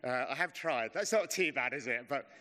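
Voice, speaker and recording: A man's voice: medium pitch, lively intonation. A man, middle-aged, giving an informal, chatty and self-deprecating sermon as a preacher. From England. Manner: chatty and self-deprecating, slows to a hush in prayer. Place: church hall. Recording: long reverb of a church hall.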